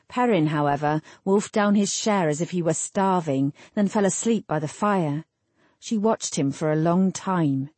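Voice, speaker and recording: A woman narrating a fantasy novel in a measured, lyrical storytelling manner. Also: mid-range voice, dark tone, breathy edge, no room sound. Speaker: audiobook narrator. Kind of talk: scripted narration.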